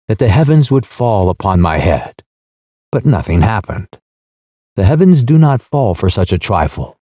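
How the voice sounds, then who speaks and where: A man narrating a literary audiobook in a measured, solemn, expressive read on a close studio mic. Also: fairly low pitch, no echo.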